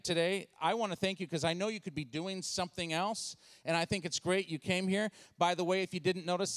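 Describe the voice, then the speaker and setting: A man in his forties, speaking as a guest in a church sanctuary, gives a comedic storytelling sermon in a playful, self-deprecating, conversational way. His voice is a little high, with no room sound.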